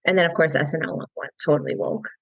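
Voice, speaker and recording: A woman's voice: deep voice, fast, gravelly. A woman comedian chatting casually as a guest on a podcast, in a joking, teasing way.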